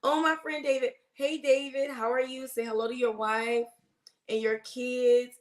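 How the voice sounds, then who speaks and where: High-voiced chatty woman with a cough. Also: level tone, unhurried. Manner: chatty, greets viewers by name as they join. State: has a cough. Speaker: nurse hosting a livestream. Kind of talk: casual livestream chat with viewers. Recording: roomy echo.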